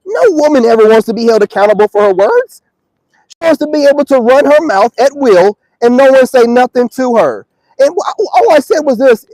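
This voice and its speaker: A man's voice: very high voice, very animated, fairly quick, creaky, darkish tone, no room sound, poor audio. A man ranting to camera outdoors in a preachy, confrontational monologue full of slang. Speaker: self-styled spiritual commentator.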